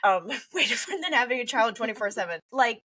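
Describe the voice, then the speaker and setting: A woman's voice: on the high side, fast talker, no room sound, recorded from a distance. A young woman, a family therapist, talking expressively in a podcast interview and acting out parents and teens. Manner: expressive, animated, acts out quoted parents and teens.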